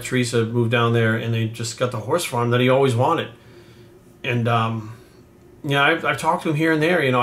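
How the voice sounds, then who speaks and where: A man's voice: medium pitch, fairly bright tone. A man in his forties, a bodybuilding coach, telling a story to camera in a casual, rambling and swear-filled way that turns heartfelt.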